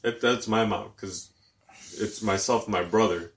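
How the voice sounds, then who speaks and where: A man's voice: fairly low pitch, measured pace. A man in his thirties co-hosting a casual podcast, telling family stories and acting out his mother's lines. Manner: animated storyteller acting out his mom. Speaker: podcast co-host. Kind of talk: casual chat.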